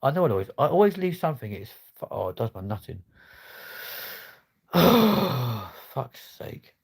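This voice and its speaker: A man's voice: medium pitch, sing-song, rapid-fire, vocal fry, darkish tone. A man chatting casually on a livestream, swearing freely in laddish banter. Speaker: livestream host.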